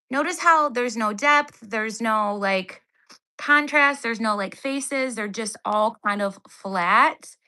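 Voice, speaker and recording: A woman in her thirties chats through a phone livestream at home with a high, bright voice. She sounds exasperated and keeps up a running sarcastic commentary. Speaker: livestream host. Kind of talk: casual livestream unboxing. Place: home, indoors.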